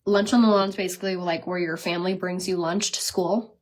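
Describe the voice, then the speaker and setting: A woman in her thirties chatting casually on a live stream while she does her makeup. She talks fast, says "like" a lot and laughs often. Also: fairly low pitch, fairly even intonation. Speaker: makeup seller and vlogger. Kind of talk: casual livestream chat while doing makeup.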